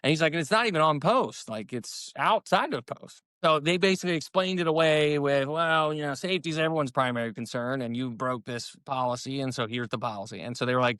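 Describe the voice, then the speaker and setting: A middle-aged man with an American accent tells his story at a brisk clip and acts out each quoted line. His voice is smooth and clear on a dry, close mic. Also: mid-range voice, a bit bright, no room sound. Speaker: retired army captain, podcast guest. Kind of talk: casual storytelling interview.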